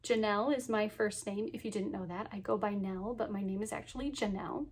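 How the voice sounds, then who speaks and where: A woman's voice: mid-range voice, brisk, breathy edge. A woman in her thirties chatting casually to camera about her cross stitch, cheerful and full of ums and laughs. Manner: chatty, lots of ums and so yeahs.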